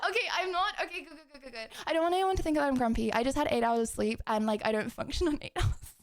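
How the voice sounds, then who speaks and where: A woman's voice: high-pitched, fast. A young woman streaming live, chatting casually and bubbly with her viewers and hosting debates. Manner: chatty, bubbly, self-teasing.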